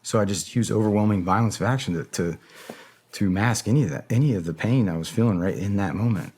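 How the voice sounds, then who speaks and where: Middle-aged man, very deep voice, profane casual storyteller, lots of "like". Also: quick pace, slightly rough. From United States. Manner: profane, heavy filler words, acts out yelled quotes. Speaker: podcast guest, former special operator.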